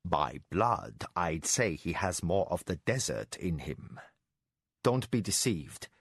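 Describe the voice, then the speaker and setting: A man voicing a quiet, cool-headed spy master in an audiobook, speaking low, hushed and terse. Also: very animated, slow pace, vocal fry, husky, no echo, clean studio sound, exaggerated voice. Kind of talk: audiobook character voice.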